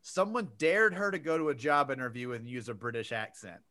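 A man's voice: mid-range voice, a little fast, pushed and bright. A man in casual chat, amused and wry as he retells a story. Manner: amused, retells stories wryly.

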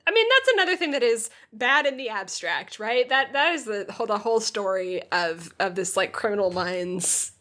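A woman's voice: medium pitch, lively intonation, normal speed, hardly any pauses, pushed and bright. A woman co-hosting a podcast in casual chat, amused and laughing often. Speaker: podcast co-host.

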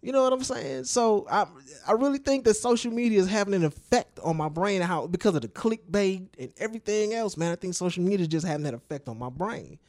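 A man co-hosting a chatty podcast, his voice sitting a little high. He talks loose and profane, with emphatic turns and frequent check-ins with his co-host. The sound is dry and close, with no room around it. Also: lively intonation, fast talker, few pauses, darkish tone, no room sound. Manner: loose, profane, emphatic, keeps asking "you know what I'm saying?". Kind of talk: casual chat.

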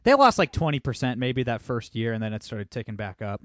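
A man's voice: mid-range voice, sing-song, a little fast, no echo, highs cut off. A man hosting a podcast, talking loosely with many fillers and restarts. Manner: loose, rambling, full of fillers. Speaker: podcast host. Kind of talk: casual podcast chat and ad read.

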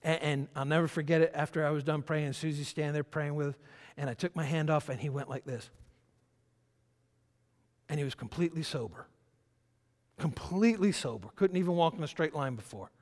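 A male pastor, a little high-pitched for a man, tells a sermon story in an easy, conversational way. He stumbles through restarts and fillers. His voice carries a long reverb, as if recorded in a church sanctuary. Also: fairly quick, pauses often, darkish tone.

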